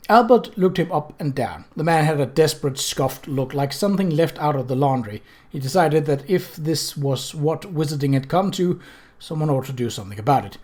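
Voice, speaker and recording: Steady audiobook narrator. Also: mid-range voice, a little fast. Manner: steady, dry storytelling with occasional slips. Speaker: audiobook reader. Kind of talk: audiobook reading.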